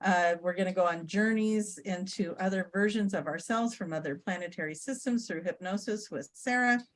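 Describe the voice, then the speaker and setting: A woman's voice: on the low side, normal speed. A woman guest on a podcast, chatting casually and upbeat, promoting an event in a rambling way. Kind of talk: casual chat.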